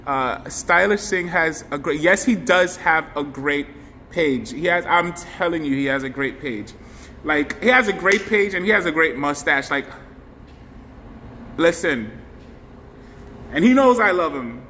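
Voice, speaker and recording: Effusive male live-stream host, high voice, reverberant room with faint hiss. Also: measured pace. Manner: effusive, animated, thanks viewers by name. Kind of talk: casual live-stream chat. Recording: faint background noise, long hall reverb.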